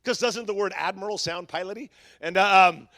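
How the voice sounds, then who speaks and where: Middle-aged male pastor, high bright voice, lively storytelling sermon. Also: a little fast, no room sound. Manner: storytelling, animated and humorous.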